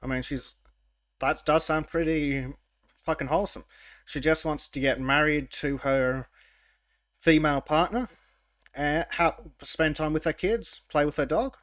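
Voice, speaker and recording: A man hosting a podcast in casual chat, wry and sarcastic, with halting restarts. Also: fairly high pitch, fairly bright tone, dry recording. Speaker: podcast host.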